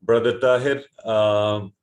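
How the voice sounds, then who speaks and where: This Quran teacher, speaking over an online call from a computer mic, takes it slowly with a lowish voice and fairly even intonation. Explaining word meanings step by step, he is patient but full of fillers and restarts, in an echoey room with a little hiss or hum.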